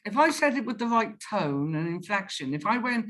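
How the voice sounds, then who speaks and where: Woman guest in a casual interview, lively anecdotes, acts out both sides of calls. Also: medium pitch, a little fast. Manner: animated storyteller, acts out phone calls. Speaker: guest, sales professional.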